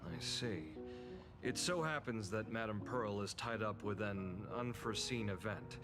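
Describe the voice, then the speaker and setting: A man's voice: lowish voice, unhurried, natural voice. A man voicing a courteous formal escort. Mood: polite. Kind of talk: game voice acting. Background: game music.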